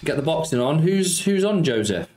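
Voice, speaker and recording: A man streams casino slots in casual live-stream chat, greeting viewers by name and bantering about football. His voice is on the high side, sing-song and darkish in tone, at a normal speed.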